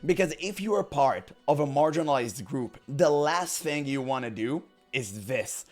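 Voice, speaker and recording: A hoarse male gaming commentator whose voice keeps cracking after an illness. He sits at an ordinary middle pitch and rants in an emphatic, exasperated way. Faint music plays underneath. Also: lively intonation, moderate pace, hardly any pauses, darkish tone. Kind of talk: ranting commentary.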